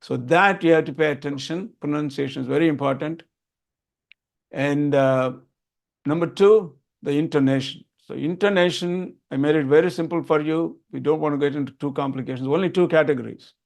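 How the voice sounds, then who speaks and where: A man's voice: a little high, brisk, vocal fry. An older man, teaching a group how to chant and repeating his key points earnestly. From Tamil Nadu, India. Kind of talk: explaining a lesson to a group.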